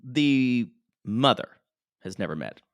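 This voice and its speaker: A man chatting casually on a podcast about reality TV, gossipy and quick to laugh. His pitch swings widely as he acts out the people he talks about. The sound is dry and close. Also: expressive, no echo. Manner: gossipy, laughs often, mimics cast members in quotes. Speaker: podcast co-host. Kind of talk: casual chat recapping reality TV.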